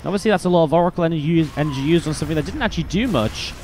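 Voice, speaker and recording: A man's voice: on the high side, very fast, a little mellow, slight background noise. A man with an English accent casting a live strategy game match, mixing play-by-play calls with chatty asides. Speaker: esports caster.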